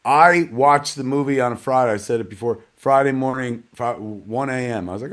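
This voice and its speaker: A man's voice: mid-range voice, moderate pace, a bit bright. A middle-aged man hosting a live online premiere show, rambling casually and poking fun at himself, dropping "man" and "kids" as he talks. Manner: chatty, rambling, self-deprecating, peppered with "man" and "kids". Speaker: host.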